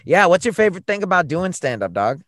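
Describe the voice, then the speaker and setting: A man's voice: high voice, sing-song, quick pace, a bit bright, dry recording. A man hosting a casual podcast chat, loose and slangy, calling people "dog" and "bro". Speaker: podcast host.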